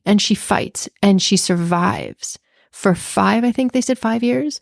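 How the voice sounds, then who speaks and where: A woman co-hosting a podcast, chatty and animated in casual talk. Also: mid-range voice, slow pace, creaky, dry recording, clean studio sound. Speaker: podcast co-host.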